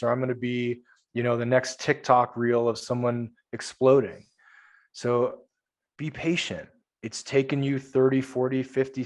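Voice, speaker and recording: A man with a mid-range voice, a men's coach appearing as a podcast guest, talks earnestly and emphatically in casual conversation. He repeats himself a lot, coaching-style.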